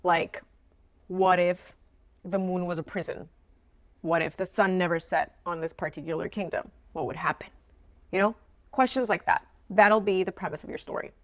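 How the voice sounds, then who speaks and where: A woman's voice: lowish voice, fairly even intonation, normal speed, no echo. A young adult woman talking casually to camera about her writing process, chatty and playful with frequent asides. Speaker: writing vlogger. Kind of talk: casual instructional talk to camera.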